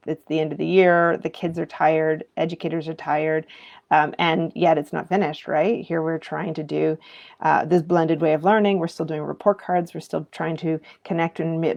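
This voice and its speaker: A woman in her thirties or forties speaks as a mindfulness teacher, addressing educators in an earnest, reflective live talk. Her voice sits a little low and carries a gravelly fry. She keeps turning rhetorical questions back to her viewers. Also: a little mellow.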